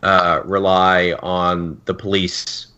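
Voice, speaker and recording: A man's voice: sits low, level tone, takes it slowly, pushed and bright, clear, resonant tone. A man hosting a podcast, asking long questions in a casual interview, with dry joking asides. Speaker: podcast host. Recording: dull lo-fi sound.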